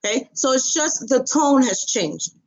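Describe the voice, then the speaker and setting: A woman's voice: high-pitched, sing-song, a little slow. A woman teaching an online Spanish lesson, patient and methodical, repeating phrases and stressing the rise of a question. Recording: dull lo-fi audio.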